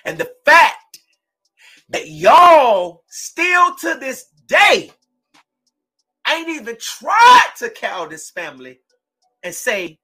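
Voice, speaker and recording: A man hosting a true-crime podcast, giving impassioned commentary in a preachy way and breaking into shouts. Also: very high-pitched, wildly swooping pitch, slow pace, long pauses, soft background music, poor audio. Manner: fiery, preachy, shouts in bursts. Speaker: podcast host.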